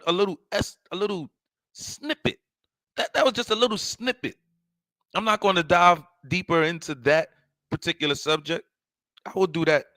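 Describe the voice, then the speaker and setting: A man's voice: high-pitched, pushed and bright, dry recording, poor audio. A man hosting a livestream, ranting confrontationally and repeating himself. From New York City. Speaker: online show host. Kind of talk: heated livestream rant.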